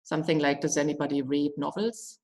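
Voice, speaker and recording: A woman with a low voice and a gravelly edge gives an academic lecture. She explains patiently and restarts her phrases often. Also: fairly even intonation, a little fast, a little mellow, low-quality recording. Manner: explanatory, many fillers and restarts. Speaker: guest lecturer.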